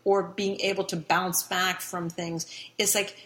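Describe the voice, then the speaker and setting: A woman's voice: lowish voice, flat delivery, a little slow, a bit bright. Rambling middle-aged woman telling a story. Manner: rambling, with many restarts and fillers; laughs while telling. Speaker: interview guest. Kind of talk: casual storytelling.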